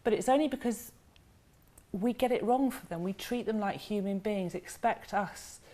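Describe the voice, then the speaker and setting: A woman's voice: medium pitch, warm tone. A woman, a dog behaviour expert guest, talking casually in a TV studio and acting out dogs and owners as she explains. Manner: chatty, acts out dogs and owners in quick voices.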